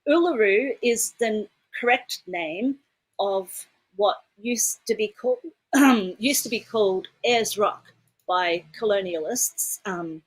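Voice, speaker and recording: A woman's voice: mid-range voice, slow pace, slightly rough, poor audio. A woman from Detroit co-hosting a casual livestream chat, chatty and laughing often, with casual swearing. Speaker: co-host.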